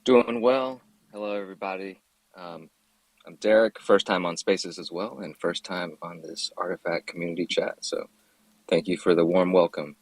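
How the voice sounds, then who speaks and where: A man with a very deep voice introduces himself politely and briefly in an online chat. The sound is dry and close. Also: fairly even intonation, moderate pace, no echo, rough recording. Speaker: guest. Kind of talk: casual chat.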